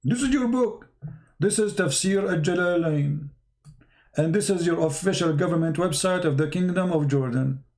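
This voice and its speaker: A man giving a mocking, sarcastic commentary monologue in broken, halting phrasing. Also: a little high, a little mellow.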